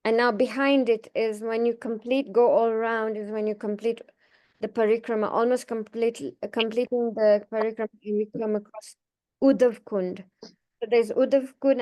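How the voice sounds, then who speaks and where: A woman giving a devotional class, telling temple stories in a gentle, meandering way with frequent restarts. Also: a little high, fairly even intonation, moderate pace. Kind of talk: informal devotional talk with slides.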